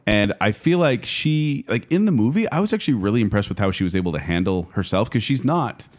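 A man's voice: fairly low pitch, animated, a little fast. A man co-hosting a casual podcast chat about movies, talking animatedly with frequent restarts. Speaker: podcast co-host.

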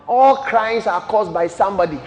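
A man pastor preaching a sermon with emphatic, repeated rhetorical questions that rise into shouts. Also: high-pitched, normal speed. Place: large church hall. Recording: echoey church hall with long reverb.

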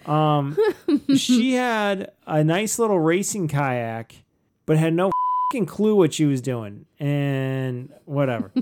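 A middle-aged man, co-host of a podcast, telling a story casually, animated and self-mocking, with frequent swearing. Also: on the high side.

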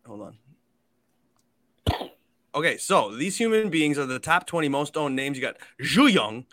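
A man's voice: a little high, very animated, unhurried, a bit bright. A man hosting a podcast in casual chat, rambling and talking through his thinking with plenty of fillers. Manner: chatty and rambling, lots of fillers. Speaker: podcast host.

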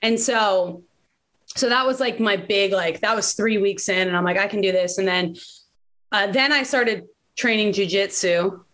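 A woman in her late thirties telling a personal story in candid conversation, animated and laughing often. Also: medium pitch, a little slow. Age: late 30s. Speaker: podcast guest.

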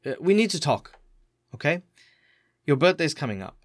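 A man's voice: fairly high pitch, lively intonation, moderate pace, no room sound, clean studio sound. An Australian man voicing a caring middle-aged woman foster worker who is firm yet tender. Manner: motherly, firm then soft.

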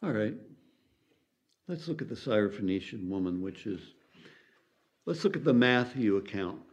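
A man preaching a sermon in an earnest, deliberate and emphatic way. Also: fairly low pitch, lively intonation, husky. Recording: dull lo-fi recording.

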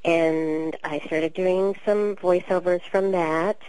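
A woman voice actor from Queens with a New York accent, telling stories in a chatty, relaxed interview. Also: fairly low pitch, slow, no echo, poor audio. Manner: chatty, storytelling, relaxed with many fillers. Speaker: voice actor guest. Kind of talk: casual interview talk.

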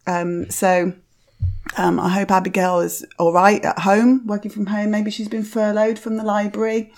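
Gravelly-voiced chatty woman. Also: medium pitch, little pitch movement, normal speed. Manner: chatty, rambling, self-deprecating, with quiet asides. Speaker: podcast host. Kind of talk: casual chat reviewing cards.

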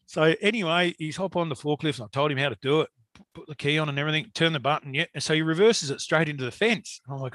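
Man, casual storyteller, slightly high voice, dry close mic, salty and lively. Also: quick pace, dry recording. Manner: swearing, animated storytelling with laughs. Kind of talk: casual chat.

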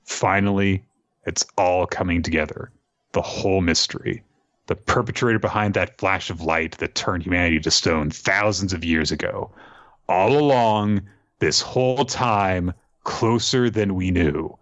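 A cool-headed young male genius laying out his reasoning, read by a man in his own deep voice. The tone is bright and the sound dry and a bit muffled. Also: measured pace, no echo. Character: young male genius scientist, calm and analytical.

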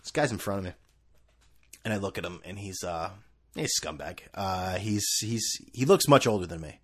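A man's voice: low voice, lively intonation, moderate pace. A man hosting a solo sports podcast, rambling and sarcastic, swearing freely as he jumps between topics. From US East Coast. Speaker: podcast host.

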